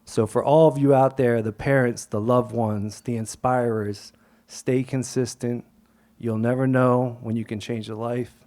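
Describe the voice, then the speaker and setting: A young adult man tells a true story to a live audience. He acts out the quotes and shifts his voice, at times falling to a hush. His tone is relaxed and conversational. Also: mid-range voice, unhurried. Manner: animated, acts out quotes, drops to whispers. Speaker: storyteller on stage.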